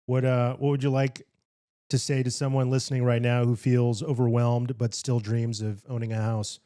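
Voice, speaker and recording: A man's voice: medium pitch, flat delivery, normal speed, mellow, clean tone. A man hosting a podcast interview, asking questions in a laid-back, friendly way. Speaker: podcast host. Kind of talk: casual interview chat.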